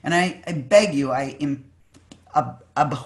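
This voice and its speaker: A preacher giving a heartfelt Shabbat sermon over a video call, earnest and emphatic, sometimes pausing to search for words. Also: medium pitch. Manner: fervent, searching for words with fillers and restarts. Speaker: maggid, preacher.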